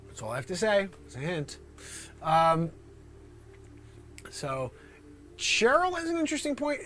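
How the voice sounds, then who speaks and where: A man hosting an improvised comedy livestream, answering chat questions in an animated way that jumps into high voices and drops to whispers.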